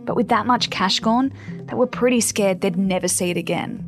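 A woman's voice: medium pitch, moderate pace, soft background music. A woman narrating a scripted news report in a polished reporter's delivery.

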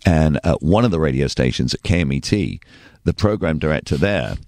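An older man with an English accent, a radio DJ telling lively stories as a podcast guest. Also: rumbling low, brisk, dry recording. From England. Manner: animated anecdotal storyteller. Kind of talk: podcast interview storytelling. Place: studio.

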